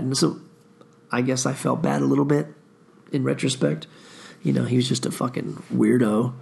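A tired man hosts a podcast with a long, laid-back story, rambling casually and swearing as he goes. His medium-pitched voice is gravelly and husky.

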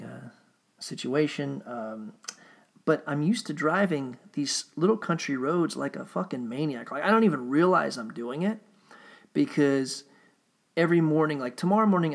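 A man's voice: on the high side, animated, moderate pace, vocal fry. A man talking in a rambling, casual monologue, swearing freely and often restarting his sentences. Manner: rambling and profane, with frequent restarts.

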